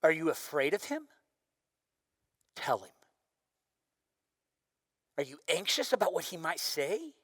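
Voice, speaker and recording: Animated young male pastor preaching. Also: fairly high pitch, unhurried, pauses often, slightly rough, dry recording, clean studio sound. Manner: animated, swings from shouting to hushed. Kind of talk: sermon.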